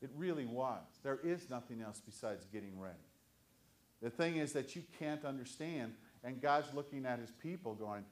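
A man's voice: mid-range voice, animated, moderate pace. An older man, a pastor, preaching an earnest, conversational sermon to his congregation.

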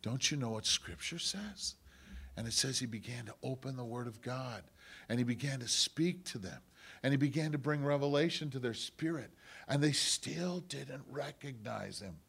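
Man, pastor, sermon, impassioned, drops to whispers, mid-pitched voice. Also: moderate pace, vocal fry, breathy edge. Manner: swings from loud impassioned preaching to hushed, whispered quotes.

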